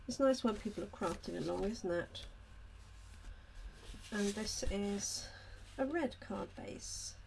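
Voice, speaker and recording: Speaking slowly with vocal fry, a woman leads a live card-making demonstration, chatting with viewers by name and responding to their comments as she goes. Her medium-pitched voice has a darkish tone, with slight background noise present.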